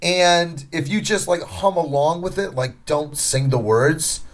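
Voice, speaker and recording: A man's voice: a little high, measured pace. A man co-hosting a podcast in casual chat, talking things through with easy fillers. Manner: conversational, thinks aloud with fillers. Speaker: podcast co-host.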